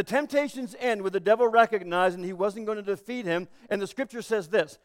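A man's voice: sits high, a little fast, hardly any pauses, big-room sound. A man preaching a sermon as pastor, emphatic and full of rhetorical questions.

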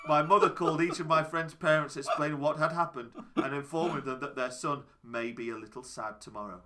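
A man's voice: a little high, brisk, crowd noise. A man hosting a podcast, reading listener stories aloud and joking in a dry way. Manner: dry, jokey storytelling. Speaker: podcast host.

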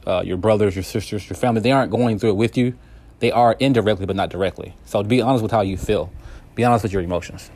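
Calm, earnest man with a lowish voice. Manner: calm and earnest, many repeated words and restarts. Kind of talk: candid self-help monologue.

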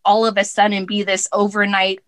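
A woman co-hosting a podcast talks in a loose, chatty way, full of "like"s and little acted-out quotes. She is warm and encouraging toward her co-host. Her voice is close and dry, with no room echo. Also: medium pitch, monotone, brisk. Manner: warm and affirming. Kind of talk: casual podcast chat.

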